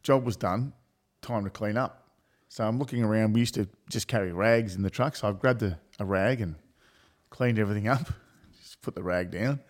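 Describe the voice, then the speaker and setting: A man's voice: fairly low pitch, moderate pace. Laughing middle-aged man. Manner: laughing storyteller, crude. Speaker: podcast co-host. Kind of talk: casual banter.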